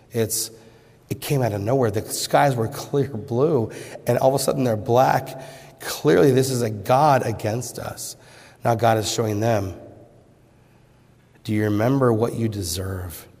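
A man preaching a sermon, pressing rhetorical questions and then dropping to hushed pleas. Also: medium pitch. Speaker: pastor. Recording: long reverb of a large hall.

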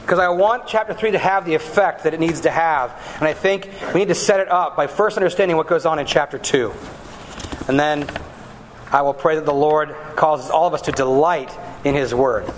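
Male pastor, earnest and measured, slightly high voice, faint room hum. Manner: earnest, measured preaching, gentle with children. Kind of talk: sermon with scripture reading and children's talk.

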